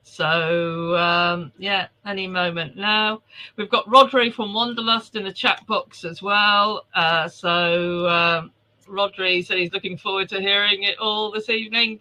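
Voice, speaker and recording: A man's voice: high-pitched, pushed and bright, low-quality recording. A male host on a video call from home, chatting casually and greeting viewers by name before a virtual event. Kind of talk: casual live webinar welcome.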